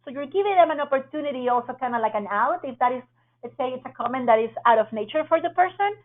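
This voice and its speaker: A woman with a fairly high voice is teaching in a leadership training webinar. She walks through each step like an instructor and keeps checking in with the listeners. Her audio is narrow and tinny, like a phone line on a video call. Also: animated, fast talker. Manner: instructive, often checks in with "right?". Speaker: webinar presenter.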